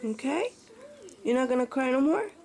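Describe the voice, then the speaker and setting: A woman's voice: high-pitched, expressive, moderate pace, gravelly, darkish tone. A woman talking to her crying dog in cooing baby talk, with endearments mixed in. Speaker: pet owner.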